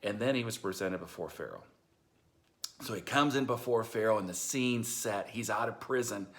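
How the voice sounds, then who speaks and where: A man with a somewhat low voice retells a Bible story in an easygoing, folksy way. He acts out the characters with casual modern slang, like a storyteller preacher. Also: normal speed.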